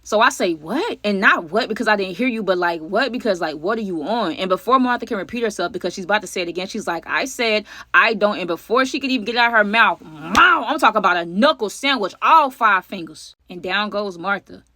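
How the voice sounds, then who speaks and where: A woman telling a storytime vlog to her viewers, animated and slangy, calling them y'all and acting out what people said. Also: medium pitch, fast, few pauses, dry recording. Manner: acts out other people's lines mid-story.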